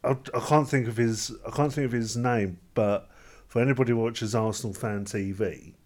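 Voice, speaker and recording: A man's voice: mid-range voice, fairly even intonation, normal speed, darkish tone. A man co-hosting a podcast in casual chat, a bit hesitant and searching for words. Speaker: podcast co-host.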